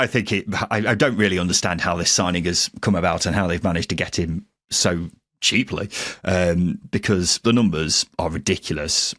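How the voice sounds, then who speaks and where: A man co-hosting a casual football podcast, wry and quick to laugh. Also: low-pitched, fairly bright tone. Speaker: podcast co-host.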